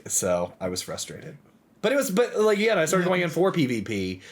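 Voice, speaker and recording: A man co-hosting a podcast, telling gaming stories in an animated way, full of "like" fillers. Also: on the high side, a little fast. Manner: animated storytelling with many "like" fillers. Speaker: podcast co-host. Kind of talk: casual chat.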